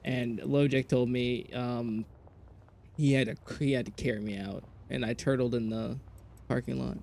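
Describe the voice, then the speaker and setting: A man streaming a game, telling a story in casual chat, animated and profane, jumping between loud outbursts and low mutters. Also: moderate pace, gravelly. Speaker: gaming streamer.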